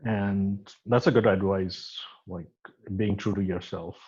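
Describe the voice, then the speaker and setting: A man hosting a casual interview, reading off quick questions and hesitating often between phrases. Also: low voice, fairly even intonation, darkish tone, breathy edge, dull audio. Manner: hesitant, many fillers and restarts. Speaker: interview host.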